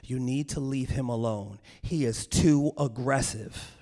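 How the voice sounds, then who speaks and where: A man voicing a nagging middle-aged mother who scolds her daughter in a rapid rant, repeating herself and using no accent. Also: medium pitch, dark tone, natural voice.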